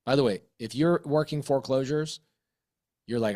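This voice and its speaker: Animated, blunt man telling a deal story. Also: medium pitch, moderate pace. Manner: animated, acts out both sides of a conversation, blunt and profane. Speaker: real estate investor sharing a deal story. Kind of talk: casual storytelling talk.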